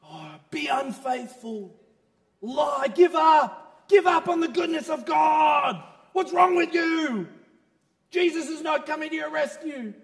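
A man voicing a taunting devil with slow, drawn-out shouts, in a reverberant church hall. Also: very high-pitched, lively intonation, voice pushed up, exaggerated voice. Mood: menacing.

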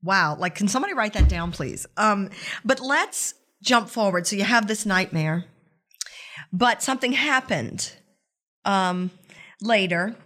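A woman's voice: medium pitch, animated, unhurried, a bit bright. A woman hosting an interview, steering the questions with playful asides. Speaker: host.

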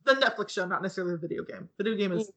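A woman's voice: mid-range voice, rapid-fire, creaky, fairly bright tone, slightly rough. A woman co-hosting a podcast in casual chat, laughing often as she talks. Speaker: podcast co-host.

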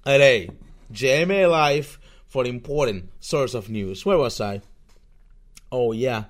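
A man's voice: mid-range voice, slow pace. A young man hosting a solo podcast, ranting sarcastically and swearing constantly. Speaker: podcast host.

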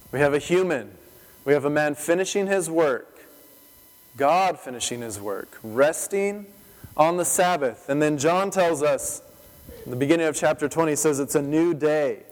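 Man preaching in a reverberant hall. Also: fairly high pitch. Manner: storytelling with rhetorical questions. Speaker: pastor. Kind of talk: sermon.

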